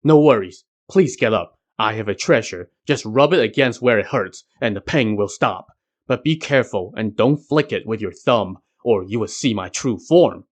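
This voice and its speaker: Storybook villain: a blustering demon king, quick to rage, as a narrator puts him on, voice swinging widely. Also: on the low side, lively intonation. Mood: soothing. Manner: blustering, raised voice. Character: hot-tempered male demon king.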